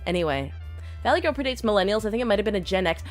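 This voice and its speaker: A woman's voice: medium pitch, rapid-fire, dry recording, soft background music. A young woman streamer talking casually, ranting in an opinionated, rambling way. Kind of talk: casual live-stream chat.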